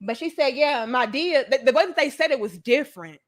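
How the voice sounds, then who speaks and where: A young adult woman tells a story to her viewers in a casual, animated, chatty way, swearing freely and calling them y'all. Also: high voice, quick pace. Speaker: vlogger.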